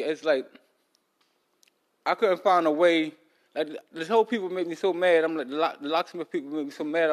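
A man hosting a podcast, telling a long story in a loose, rambling casual way, talking around a loose tooth. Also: fairly high pitch. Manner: loose, rambling, with many fillers and restarts. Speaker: podcast host.

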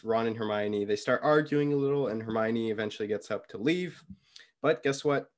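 A young man co-hosting a podcast, casually retelling a book chapter with lots of fillers and quick quoted lines. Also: mid-range voice, fairly even intonation. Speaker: podcast co-host.

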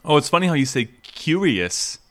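Male podcast co-host from Minnesota, 30s: animated, lively pitch, quick to laugh, casually profane. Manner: laughs often, swears, animated. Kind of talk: casual chat.

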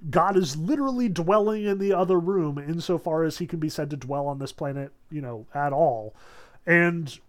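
A man giving a casual spoken talk on the Bible as a Protestant, chatty and full of "like", acting out scripture in quick asides. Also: fairly high pitch. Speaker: Protestant speaker on theology.

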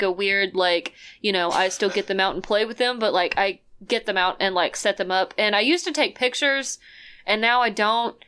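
A woman's voice: medium pitch, fairly bright tone, smooth. A young woman co-hosting a book podcast, chatting casually and rambling with lots of fillers. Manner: rambling, filler-heavy, giggly. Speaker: podcast co-host.

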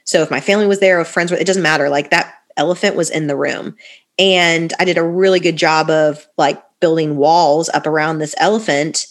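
A woman's voice: deep voice, steady tone, a little fast. A woman in her thirties sharing her personal story in a conversation, candid and rambling, with many fillers and restarts. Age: 30s.

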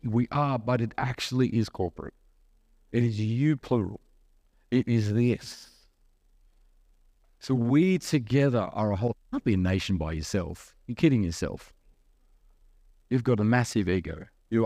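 A man preaches in a relaxed, conversational manner, asking the congregation questions and slipping into acted-out asides. His voice sits at an ordinary middle pitch, and the recording is close and dry with little room sound. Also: a little slow, long pauses, no room sound. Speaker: pastor. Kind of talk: sermon.

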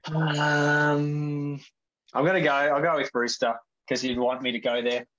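A man talking as a guest on a casual podcast, hesitant with many ums, gently teasing his teammates. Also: on the high side, little pitch movement, unhurried, muffled recording.

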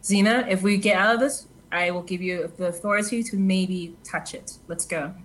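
A woman playing a tabletop game who gives brisk orders, with fillers. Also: on the low side, steady tone, a bit bright. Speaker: player.

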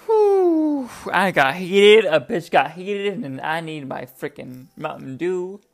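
Profane, excitable young woman hosting. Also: sits low, measured pace, gravelly. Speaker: podcast host. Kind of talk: casual chat. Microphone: desk microphone.

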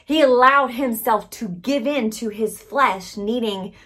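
Breathy woman preaching with dramatic swings. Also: on the high side, measured pace. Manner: expressive storytelling, frequent "okay?" check-ins, dramatic swings from whisper to loud. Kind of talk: sermon.

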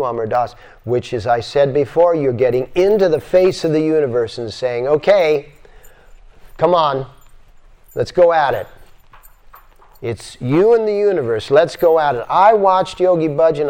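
Teaching a class at a yoga center, an older man gives an animated spiritual lecture, repeating his phrases and performing different voices. His voice is medium in pitch with a clean tone.

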